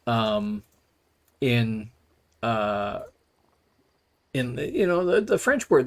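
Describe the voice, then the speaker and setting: A middle-aged man chats at a medium pitch as he plays, drifting from one dry anecdote to the next. He sounds relaxed and conversational, a streamer talking to his viewers while he plays. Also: slow pace, long pauses. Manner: rambling, wry storytelling. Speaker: gaming streamer. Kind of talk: casual commentary while playing.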